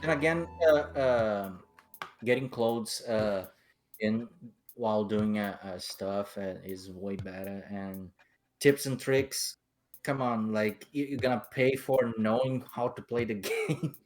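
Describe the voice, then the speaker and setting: A man's voice: fairly low pitch, steady tone, slow, slight background noise. A young man co-hosting a casual game chat, blunt, swearing and laughing through his lines. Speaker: co-host.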